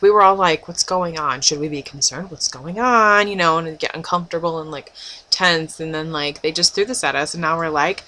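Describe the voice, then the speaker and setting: Young woman vlogging, kinda low voice but really bright and punchy, giggly and rambly, squeals sometimes. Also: a little fast, slight background noise, poor audio. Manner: giddy, rambling, laughs often and squeals in bursts. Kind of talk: excited casual vlog.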